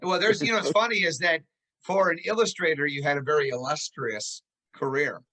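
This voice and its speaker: A man's voice: on the high side, brisk, sharp tone. A man hosting an interview, chatting casually and prompting his guest with shared recollections. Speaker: interviewer, host.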